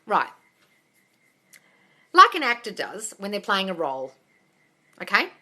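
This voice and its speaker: A woman coaching viewers through a live Q&A. Her voice is bright and forceful, her delivery blunt and animated, and she swears without a second thought. The talk is casual and unscripted. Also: medium pitch, unhurried. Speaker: manifesting coach hosting a live Q&A.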